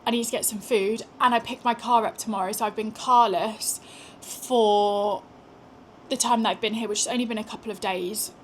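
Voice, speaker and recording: A woman's voice: fairly high pitch, fairly even intonation, moderate pace, slight background noise. A young British woman, pregnant, chatting casually to a handheld camera in a vlog with self-deprecating asides. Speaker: vlogger. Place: indoors at home and walking outdoors. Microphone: small handheld gimbal camera.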